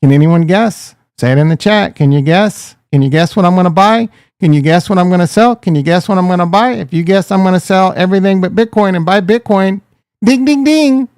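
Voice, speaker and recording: A man's voice: sits high, fairly quick, darkish tone, clean tone, no room sound, clean studio sound. A man hosting a casual livestream, joking and ranting, talking straight to his chat and calling viewers bro and dude. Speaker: crypto livestream host.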